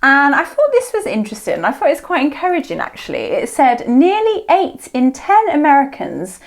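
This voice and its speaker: A woman's voice: high-pitched, wildly swooping pitch, moderate pace. A woman co-hosting a casual podcast, chatty and giggly, reading out facts. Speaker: co-host.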